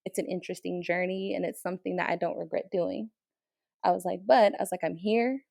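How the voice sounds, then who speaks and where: A young woman, a military training instructor from the Navajo Nation, telling a story in an interview with emotional, animated retelling. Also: fairly low pitch, fast, gravelly, dry recording, clean studio sound. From Navajo Nation, Southwest US.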